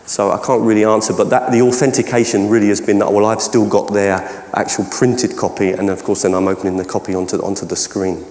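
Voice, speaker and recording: A man's voice: fairly low pitch, little pitch movement, quick pace, few pauses, darkish tone. Cockney-accented man answering in an echoey hall. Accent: London Cockney. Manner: rambling, frequent restarts and hedges. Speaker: keynote speaker. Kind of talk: conference Q&A answer. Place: large conference hall. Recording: echoey hall, long reverb.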